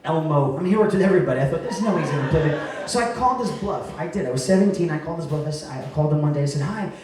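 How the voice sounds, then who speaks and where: A man from Rhode Island, a cabaret singer speaking to a live audience as he presents an award, chatty and joking, then going soft and tender. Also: a little high, expressive, very fast, crowd noise. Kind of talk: live stage speech to an audience. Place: cabaret venue stage. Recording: echoey room heard from a distance.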